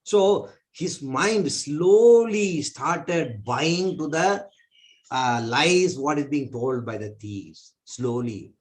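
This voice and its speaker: A man teaching a spiritual class, telling a parable in an animated way. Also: very slow. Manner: animated, pitch jumping between voices.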